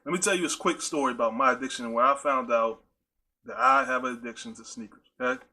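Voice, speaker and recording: Fast-talking, bright-voiced male podcast host. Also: medium pitch, lively intonation. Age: adult with a high-school-age nephew. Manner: chatty, repetitive, addresses listeners directly; storytelling with playful asides. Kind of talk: casual monologue podcast.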